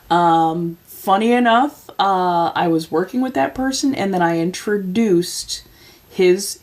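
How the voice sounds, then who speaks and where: A woman's voice: mid-range voice, a little mellow. A woman in her forties telling a long personal story in casual chat, laughing often and acting out the voices of the people in it. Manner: chatty, laughs often, acts out quoted voices. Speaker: livestream host.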